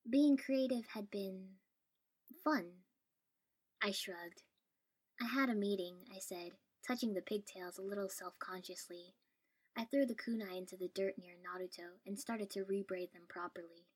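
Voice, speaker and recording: A woman's voice: medium pitch, measured pace, a little mellow, slightly rough. A woman reading a first-person story aloud in a dry, wry tone. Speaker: story reader.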